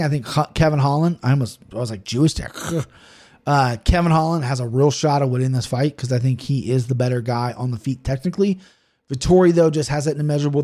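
A man's voice: medium pitch, a little mellow. A man hosting a podcast in loose, rambling chat, swearing freely as he talks through fight picks. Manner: profane, rambling, quick-talking. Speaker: podcast host. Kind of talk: casual chat.

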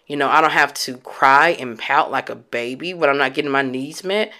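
A woman talks straight to her audience about her own life, candid and emotional. Her voice is bright and forceful, and she swears offhandedly. She often stops and restarts mid-thought. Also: rumbling low. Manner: reflective, halting restarts. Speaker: vlogger. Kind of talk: personal storytelling.

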